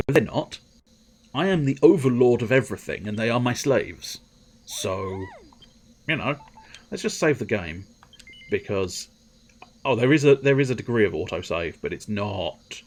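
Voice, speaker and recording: A man's voice: fairly low pitch, husky. A man chatting casually on a game livestream, rambling and self-mocking, laughing often. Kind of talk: casual game-stream chat.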